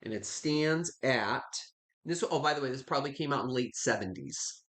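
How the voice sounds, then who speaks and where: A man's voice: mid-range voice, expressive, moderate pace, a bit bright. Chatty man hosting a live sale. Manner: chatty, gushing over items, greets viewers by name. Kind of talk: live online auction selling.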